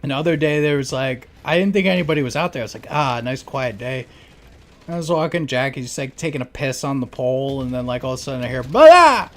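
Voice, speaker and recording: A young man telling neighbor stories in casual chat, rambling and profane, packing every sentence with "like" and breaking into loud mocking voices. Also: fairly even intonation, racing, few pauses. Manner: rambling, profane, heavy use of "like"; mimics neighbors in loud high-pitched voices.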